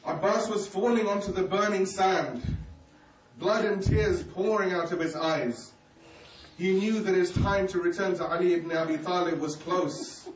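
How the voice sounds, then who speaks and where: High-voiced man preaching in an echoey hall. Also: a little hiss or hum. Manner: emotional, grieving storytelling. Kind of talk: mourning sermon narration. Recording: echoey hall, distant mic, faint ambience.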